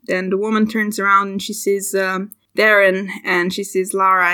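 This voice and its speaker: A woman's voice: mid-range voice, little pitch movement, normal speed, few pauses, bright, forceful tone, smooth. A woman narrating as game master in a casual way, full of fillers.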